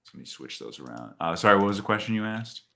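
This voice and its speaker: Very deep-voiced man playing a tabletop game. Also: very animated, quick pace, creaky, sharp tone. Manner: chatty, thinking aloud with restarts. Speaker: player.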